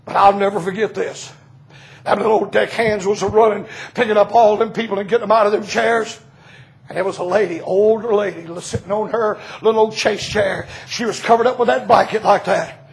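A man preaching a revival sermon in a church, telling stories and rising into shouts. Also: high voice, fairly even intonation, brisk, gravelly. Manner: storytelling, bursts into shouting.

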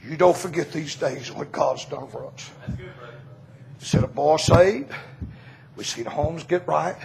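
A man preaching a revival sermon in a church, telling stories and rising into shouts. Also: on the high side, unhurried, gravelly, a little hiss or hum. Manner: storytelling, bursts into shouting.

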